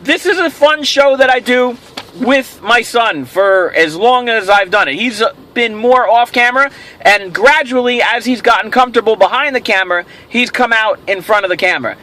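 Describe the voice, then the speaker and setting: A man's voice: very high voice, normal speed, pushed and bright. A man hosting a casual question-and-answer vlog, rambling and telling jokes with self-amused delight. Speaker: host of a toy show.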